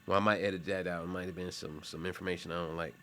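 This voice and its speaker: A man's voice: low voice, fairly even intonation, fast, sharp tone. Male instructor, offhand and chatty, talking through a screen demo with frequent asides. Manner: conversational and rambling, with self-corrections and asides. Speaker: college instructor. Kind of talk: casual classroom explanation while screen sharing.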